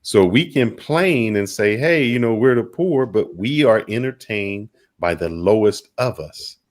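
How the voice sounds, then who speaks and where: Man, lowish voice, measured and explanatory. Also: lively intonation. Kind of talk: live-stream discussion.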